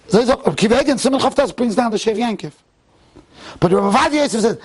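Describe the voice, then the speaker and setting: A man speaking as a rabbi at a tribute event, telling stories in an animated way with frequent restarts and Hebrew and Yiddish phrases. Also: extremely high pitch, quick pace, slightly rough. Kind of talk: tribute speech with storytelling. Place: event hall.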